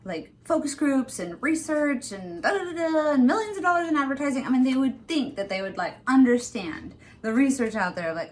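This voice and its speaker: A woman with a high voice rants casually to camera on her vlog. She talks with emphasis, scatters fillers through her sentences and acts out other people's words as she goes. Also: moderate pace. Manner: animated, emphatic, many fillers. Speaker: former retail employee vlogging.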